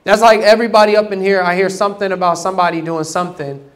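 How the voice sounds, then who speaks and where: Man, pastor, high-pitched, animated preaching, casual slang, loud bursts and low asides. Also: fast. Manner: casual slang, acts out quoted voices. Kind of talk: sermon.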